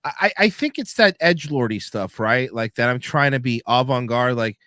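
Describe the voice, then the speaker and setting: Animated, mocking male podcast host. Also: mid-range voice, normal speed, no echo, studio quality. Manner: animated, mocking, swears a lot. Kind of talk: casual chat.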